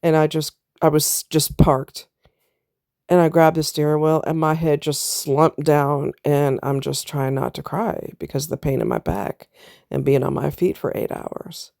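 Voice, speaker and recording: Gravelly candid woman vlogger. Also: low voice, level tone, measured pace, mellow, no echo, studio quality. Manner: candid, talks straight to viewers with southern US slang. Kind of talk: casual storytelling vlog.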